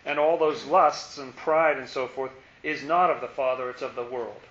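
A man's voice: mid-range voice, steady tone, normal speed, a bit bright. A man leading an informal Bible study, thinking aloud and asking rhetorical questions. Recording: roomy, dull lo-fi recording.

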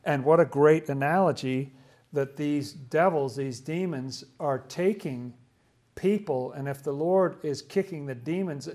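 A man's voice: fairly high pitch, a little slow, a little mellow. A man leading a casual Bible study, explaining passages with enthusiasm and asking questions as he goes.

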